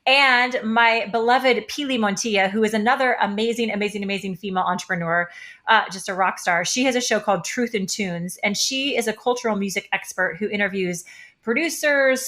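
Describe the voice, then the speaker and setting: A woman's voice: medium pitch, fairly bright tone. A woman from Kansas and Oklahoma hosting a radio talk show, gushing and enthusiastic, repeating phrases and filling gaps with "like" and "you know.". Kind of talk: upbeat radio interview chat.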